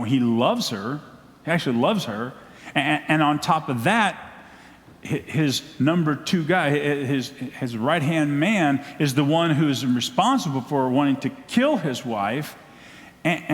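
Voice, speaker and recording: A man with a Southern accent preaching a sermon, telling a story in an animated way and acting out the scenes. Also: a little high. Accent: Southern American. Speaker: pastor. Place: church sanctuary. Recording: long church hall echo.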